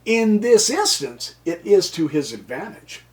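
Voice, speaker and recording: A man's voice: sits high, big pitch swings, measured pace. A tired American man giving a casual chess lesson, rambling and joking to himself between points. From United States. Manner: rambling, jokey asides, mutters to himself. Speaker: chess teacher.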